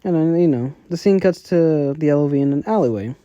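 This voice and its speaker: A man's voice: fairly high pitch, fairly quick, dark tone, dry recording, dull audio. A man casually retelling a story in a rambling way, filling his talk with "like" and "you know" and slang. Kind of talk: casual spoken recap.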